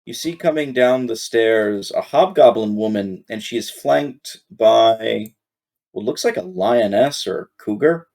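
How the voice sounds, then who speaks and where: A man narrating as game master of a tabletop game, pausing often with ums and uhs. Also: lowish voice, darkish tone. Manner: slow, halting narration full of ums.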